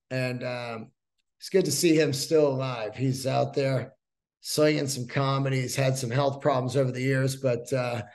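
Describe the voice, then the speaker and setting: A man in his fifties hosting a casual solo podcast as a stand-up comedian, rambling through profane stories and acting out the dialogue. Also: mid-range voice. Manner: profane, rambling storyteller who acts out quoted dialogue.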